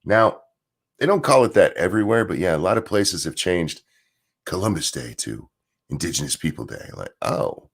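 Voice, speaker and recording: Hoarse, lively-pitched man ranting. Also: normal speed. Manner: blunt, rambling, reads out viewer messages. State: strained, hoarse voice. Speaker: streamer and show host. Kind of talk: casual political rant on a live stream. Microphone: desk mic.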